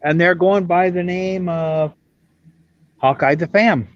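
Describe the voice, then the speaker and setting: A man's voice: high-pitched, slow pace, dull audio. A man from Ireland hosting a casual livestream chat, blunt and self-mocking in how he talks. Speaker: livestream host.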